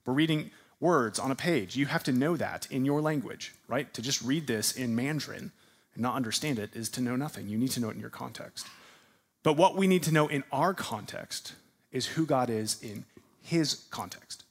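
A man's voice: mid-range voice, normal speed. Man teaching a sermon, questioning listeners. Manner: asks the audience questions and repeats their answers; emphatic, leans into repeated words. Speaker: pastor teaching a class.

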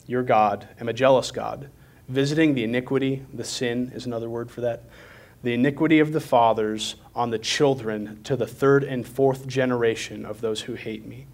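A young man preaching a sermon in a conversational, candid way, with self-deprecating asides. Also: medium pitch.

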